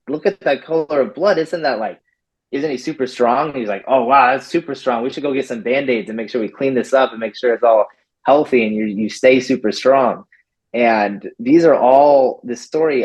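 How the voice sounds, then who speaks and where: A man's voice: mid-range voice, moderate pace, husky, highs cut off. A man, a dog trainer, telling a story in a casual interview and acting out what people said, with lots of "like". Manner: animated, acts out quotes with lots of "like".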